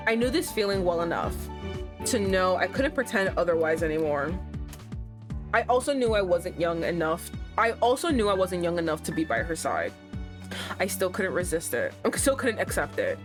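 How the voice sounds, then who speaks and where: A woman's voice: lowish voice, animated, normal speed, music in the background. A young woman streaming a game, chatting casually, swearing freely and reading the story text aloud. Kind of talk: casual gameplay commentary.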